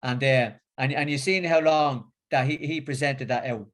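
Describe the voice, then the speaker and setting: A middle-aged man with a Northern English accent gives a religious talk, then chats casually, often repeating words and using fillers. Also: medium pitch. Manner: halting, with many repeats and fillers. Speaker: religious speaker.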